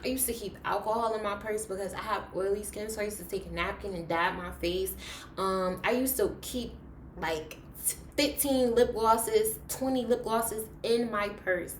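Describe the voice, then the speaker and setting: A young woman tells a story to her viewers in a loose, casual way. Her voice sits at an ordinary middle pitch and swings between hushed asides and loud, dramatic bursts. The room gives her voice a noticeable echo, with faint ambient noise underneath. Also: normal speed. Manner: animated, dramatic retelling with big swings in loudness. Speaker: vlogger. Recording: roomy echo.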